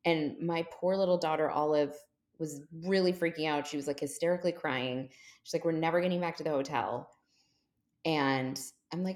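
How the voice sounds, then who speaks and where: Guest storyteller: woman, 40s, deep for her sex, chatty, does quick voices of people she quotes. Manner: animated, jumps into quoted voices. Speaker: podcast guest. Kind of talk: casual storytelling.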